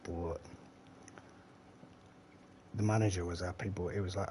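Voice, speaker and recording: While he plays, a rambling middle-aged man talks to his live-stream chat in a low, darkish voice with a flat delivery and moderate pace. He swears casually, and a faint hum of ambience sits behind him.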